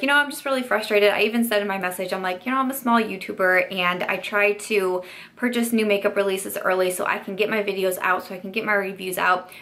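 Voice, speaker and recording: A woman's voice: medium pitch, gravelly, fairly bright tone. A young woman beauty YouTuber telling a chatty story-time vlog, full of "like" and "you know" fillers.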